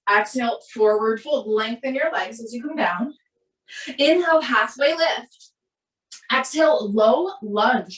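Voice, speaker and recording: Calm and steady, this Minnesota-accented yoga teacher paces her instructions to each breath. She speaks in a somewhat high voice, and the mic catches her from afar in a large room full of echo.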